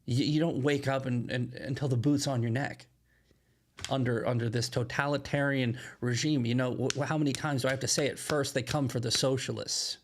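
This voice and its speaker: A man's voice: medium pitch, fairly even intonation, normal speed, a little hiss or hum. A man hosting solo political commentary, emphatic and often asking "right?" as he restarts his phrases.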